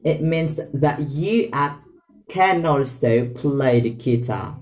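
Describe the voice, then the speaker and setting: A man with an Indonesian accent, whose first language is Indonesian, explains a language lesson slowly and haltingly, stopping to repeat example phrases. His voice is mellow and dark. Soft music plays faintly behind him. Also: mid-range voice, animated. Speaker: language teacher.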